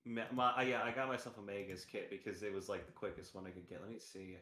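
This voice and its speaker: A man's voice: fairly low pitch, fairly even intonation, quick pace, sharp tone. A man playing a tabletop role-playing game, talking casually with lots of fillers. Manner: rambling, lots of fillers, laughs often. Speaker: player. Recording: echoey room.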